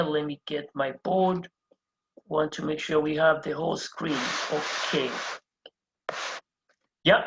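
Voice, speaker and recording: A patient teacher walks through a beginner lesson at a board, repeating each phrase and spelling words out letter by letter. The voice sits at a middling pitch. The recording is roomy and a little dull, like a lo-fi classroom capture. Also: creaky, a little hiss or hum. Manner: patient, explaining step by step. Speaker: Spanish teacher.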